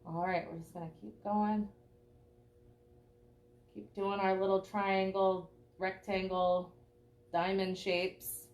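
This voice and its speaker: A woman's voice: mid-range voice, flat delivery, slow pace, long pauses, darkish tone. A young woman teaching a live online painting class, chatty and encouraging, checking in with "okay?" often. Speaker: art teacher.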